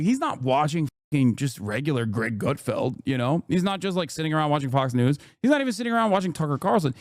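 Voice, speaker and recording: A man streaming reaction commentary, profane, animated and mocking. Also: on the high side, no echo, clean studio sound.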